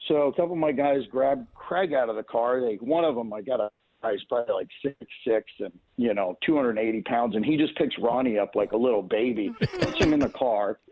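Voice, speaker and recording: A man calls in and tells a long string of stories about racing in a loose, meandering way, often stopping to restart a sentence. His voice has a gravelly edge, and it comes through a thin, tinny phone line. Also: mid-range voice, animated, fairly quick. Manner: rambling, lots of "you know" and restarts. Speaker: race car owner, guest. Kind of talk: casual anecdotal storytelling.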